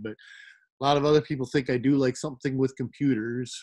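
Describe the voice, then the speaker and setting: A man's voice: medium pitch, fairly even intonation, brisk, darkish tone. A middle-aged man from the American Midwest, rambling through stories in casual chat, laughing often. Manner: rambling, laughing, full of fillers. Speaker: guest, rave promoter.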